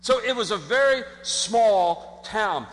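A man preaching a sermon as pastor, in an animated conversational way, acting out quotes and often restarting his sentences. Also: sits high, slow pace. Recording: long hall reverb.

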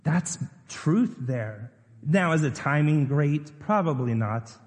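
A man's voice: a little high, lively intonation, slow. A man preaching a sermon as pastor, chatty and conversational, putting questions to his congregation. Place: church sanctuary. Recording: long reverb of a church hall.

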